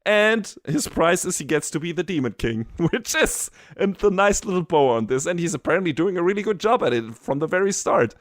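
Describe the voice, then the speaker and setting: A man's voice: high-pitched, expressive, brisk, hardly any pauses, no echo, studio quality. A man co-hosting a podcast, chatting casually and enthusiastically, swearing and laughing often. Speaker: podcast co-host. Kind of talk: casual anime review chat.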